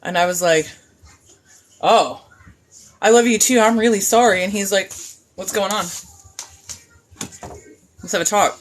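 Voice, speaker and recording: A woman's voice: medium pitch, animated, normal speed, pauses often, fairly bright tone. A woman, probably in her thirties, hosting a casual live chat from her phone, talking bluntly and profanely in passionate rants. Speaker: live-stream host.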